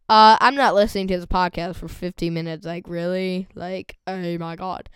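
A teenage girl chatting casually on a podcast, rambling and excitable, with a voice that cracks. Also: on the low side, normal speed, few pauses, clean tone, no room sound. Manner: rambling and excitable, lots of fillers. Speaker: vlogger.

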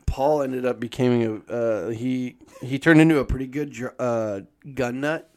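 A man's voice: medium pitch, steady tone, clear, resonant tone, dry recording. A man in casual chat, blunt and profane, telling stories about an old friend. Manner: blunt, profane, fast bursts.

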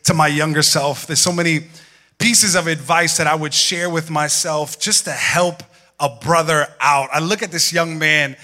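A young man preaching a sermon, telling stories in an animated way and acting out voices. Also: on the high side, normal speed. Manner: animated storytelling, acts out voices and laughs. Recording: hall reverb.

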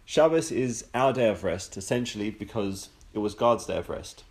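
A man hosting a podcast, giving a relaxed religious teaching that slows down on key words and builds through long lists. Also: fairly low pitch. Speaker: podcast host teaching on the Sabbath.

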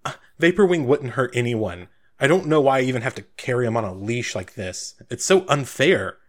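A man's voice: medium pitch, expressive, normal speed, close to an everyday voice. A man voicing a nervous young male activist who gets flustered and stammers.

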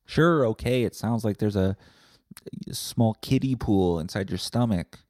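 Low, dark-voiced man ranting sarcastically. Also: measured pace, no room sound. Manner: rambling, sarcastic, swears a lot. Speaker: podcast host. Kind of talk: comedic profane rant.

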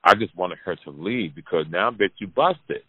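Low-voiced guy telling a wild story on a podcast, cussing a lot, dry tinny phone-like sound. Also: normal speed, breathy edge, no echo. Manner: animated, profane, repeats for emphasis. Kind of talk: casual storytelling to an audience.

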